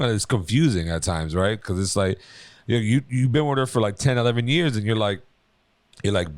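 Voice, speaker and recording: A very deep-voiced man on a podcast, recorded dry and close with no room sound. He tells stories in an animated way, acting out little bits of dialogue and swearing casually. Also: brisk, no echo. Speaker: podcast co-host.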